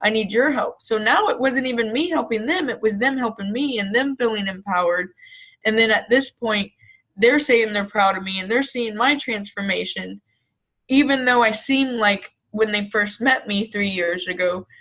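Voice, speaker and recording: A woman's voice: a little high, normal speed, a bit bright, poor audio. Candid woman telling her story. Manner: frank, storytelling, casual swearing. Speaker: guest, staffing agency founder. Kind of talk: candid conversational interview.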